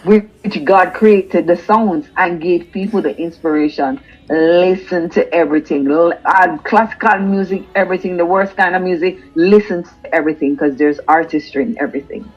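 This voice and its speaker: Low husky Jamaican woman, lo-fi. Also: normal speed. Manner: earnest, emphatic, repeats words when excited. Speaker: singer-songwriter guest. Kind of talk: casual interview.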